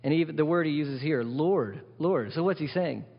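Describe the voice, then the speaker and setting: A man's voice: fairly high pitch, moderate pace, vocal fry, breathy edge. A man preaching a sermon as pastor, emphatic, often asking the congregation questions. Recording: dull sound with long hall reverb.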